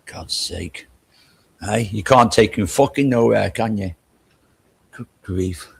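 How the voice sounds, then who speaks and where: A man's voice: on the low side, slow, vocal fry, breathy edge. An older man chatting casually, ranting in an exasperated, profane way. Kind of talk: casual chat.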